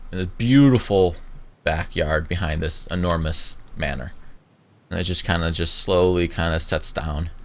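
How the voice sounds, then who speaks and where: A man narrating a tabletop game as its game master, his voice very low and deep. He rambles casually through the scene, peppering it with fillers. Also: fairly bright tone. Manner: loose narration full of fillers like "kinda" and "like".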